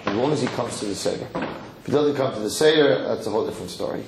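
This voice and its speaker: A man giving a lively Torah lecture as a rabbi, emphatic and given to repeating words as he builds to a story. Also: mid-range voice, rapid-fire, gravelly. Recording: roomy hall with faint noise.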